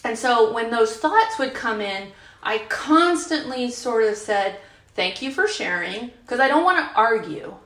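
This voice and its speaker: Expressive and a little slow, this woman's voice is fairly high and fairly bright. In her fifties, she offers a frank, chatty, filler-filled share at a recovery group retreat, with the meeting-room recording roomy and imperfect.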